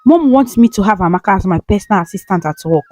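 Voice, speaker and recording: Give me a woman doing an impatient young male boss in a storybook, plain even voice. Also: mid-range voice, fast, dry recording, faint music behind, natural voice. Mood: exasperated. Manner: flustered and impatient.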